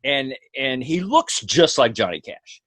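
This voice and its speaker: A man with a bright, forceful voice, recorded dry and close. He is a comedian guest on a podcast, telling a story in a rambling, animated way and swearing freely. His pitch sits mid-range. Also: measured pace, no echo.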